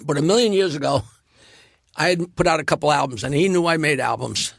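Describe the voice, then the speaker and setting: A man telling comedy stories as a guest on a podcast, animated, with quick asides. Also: fairly high pitch, gravelly, no echo, studio quality. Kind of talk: casual storytelling.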